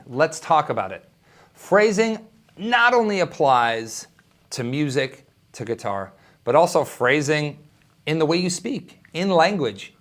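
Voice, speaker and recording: A young man teaching a guitar lesson, talking in an enthusiastic, conversational way with quick asides. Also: a little high. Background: electric guitar playing.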